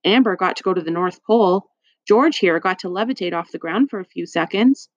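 A woman's voice: on the low side, brisk, dry recording, lightly acted. A woman reading a storybook aloud, voicing a cheeky, wry young boy with a chatty manner. The recording is dry and slightly dull.

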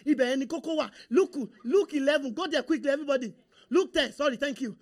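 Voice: high-pitched, fast. A pastor preaching a sermon, repeating phrases and calling on the congregation to respond. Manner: animated, repetitive call-and-response preaching.

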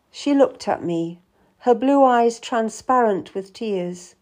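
A woman narrating a historical story in the first person, reading in a measured, gentle way. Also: mid-range voice. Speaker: audiobook reader.

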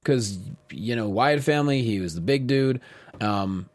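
A man co-hosting a wrestling after-show in casual chat, relaxed and chatty, often trailing off mid-sentence. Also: mid-range voice, a little slow. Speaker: co-host.

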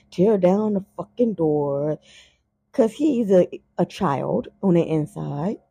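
Slow low-voiced woman, husky and blunt, cussing her way through a podcast rant. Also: no room sound. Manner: blunt and profane, heated and animated when worked up. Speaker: podcast host. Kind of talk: casual spoken monologue.

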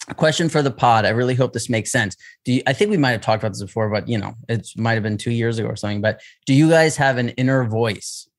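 A man co-hosting a podcast in relaxed, casual talk. He is chatty and reads questions from listeners. His pitch sits in the middle range. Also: fast talker, hardly any pauses. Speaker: podcast co-host. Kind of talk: casual chat.

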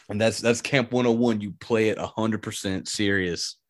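A man co-hosting a casual movie discussion podcast, laughing often and acting out lines from scenes. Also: lowish voice. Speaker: podcast co-host.

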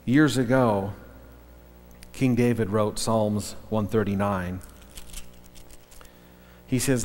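Earnest pastor telling a story. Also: male voice, lowish voice, steady tone, slow pace, pauses often, darkish tone. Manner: earnest storytelling with frequent restarts. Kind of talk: sermon storytelling. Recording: long reverb of a hall.

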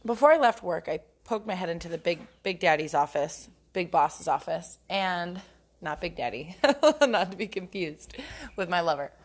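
A woman's voice: lowish voice, animated, normal speed. A young adult woman hosting a casual solo podcast, talking frankly and profanely and often breaking into giggles. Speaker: podcast host.

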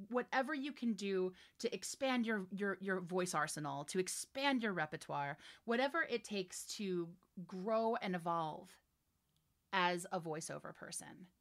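A woman in her forties, a voiceover artist and director, chatting in an interview with lively, emphatic energy and frequent laughs. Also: mid-range voice. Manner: animated, laughing, emphatic storytelling. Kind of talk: casual interview chat.

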